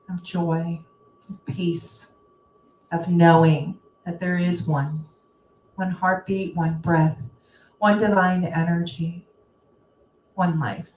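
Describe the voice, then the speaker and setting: A woman minister leading a spoken affirmative prayer, slow and measured, pausing between phrases. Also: lowish voice, darkish tone, slight background noise. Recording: roomy, distant mic.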